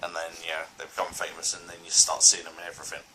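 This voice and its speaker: A man chats through a casual film review on his vlog, rambling from thought to thought with plenty of fillers and restarts. His voice sits a little low but has a sharp, forceful edge, and a faint hiss hangs behind it. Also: completely flat delivery, rapid-fire, poor audio. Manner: enthusiastic.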